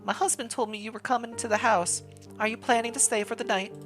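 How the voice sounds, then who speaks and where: A man voicing a kindly elderly female housekeeper, speaking gently and politely in a put-on foreign accent. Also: extremely high pitch, steady tone, fast talker, faint music behind, pitched above the performer's own voice.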